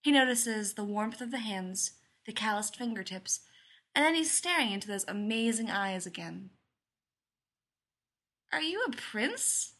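A woman reading a story aloud in a lively, expressive way. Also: medium pitch, moderate pace. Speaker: reader.

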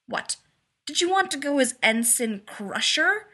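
A woman's voice: high-pitched, animated, unhurried, sharp tone, voice pushed up, full character voice. A woman voicing a bossy, sneering male scientist who snaps orders in a storybook reading. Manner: snappish, bossy.

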